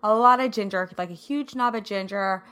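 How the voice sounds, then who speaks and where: A woman from the American Midwest hosting her podcast in a casual, bubbly chat, her throat a little scratchy and hoarse as she laughs often. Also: medium pitch, normal speed, a bit bright. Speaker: podcast host.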